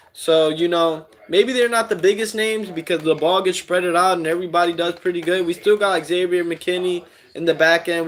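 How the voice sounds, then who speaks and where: Laid-back man chatting with his chat. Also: sits high. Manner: relaxed, reads chat aloud, many fillers. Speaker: streamer host. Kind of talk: casual live stream chat.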